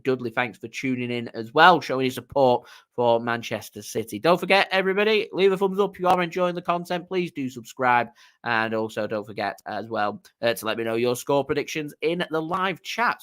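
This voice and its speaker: A man's voice: mid-range voice, animated, a little fast, a bit bright, clean tone. Chatty man hosting a live watchalong. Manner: chatty, reads out viewer messages, laughs easily. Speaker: fan channel host doing a live watchalong. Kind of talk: live stream chat and match commentary. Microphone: desk microphone.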